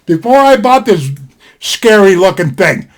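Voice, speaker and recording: Older guy with a really high voice, rambly folksy webcam review at his desk, keeps spelling stuff out. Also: big pitch swings, a little slow. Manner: rambling, folksy, repeats himself and spells out words. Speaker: knife reviewer. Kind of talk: casual sit-down review. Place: indoors at a desk.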